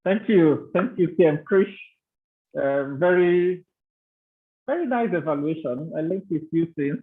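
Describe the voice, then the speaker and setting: A man's voice: a little high, animated, a little slow, narrow, tinny audio. A man hosting an online club meeting, handing over to speakers in a friendly way. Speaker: meeting host.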